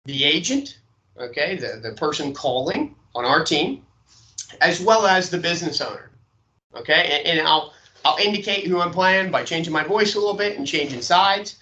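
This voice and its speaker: Bright sounding guy teaching sales calls, keeps saying okay?. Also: fairly high pitch, expressive, moderate pace, highs cut off. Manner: frequent "okay?" check-ins, demonstrative inflections. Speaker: sales trainer. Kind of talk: training lecture.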